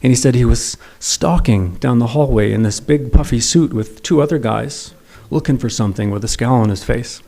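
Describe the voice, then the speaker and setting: Gravelly man telling wry stories. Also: mid-range voice, normal speed, few pauses, dark tone. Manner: wry, self-deprecating storytelling. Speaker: son giving a eulogy. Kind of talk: memorial eulogy with humorous anecdotes. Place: memorial service.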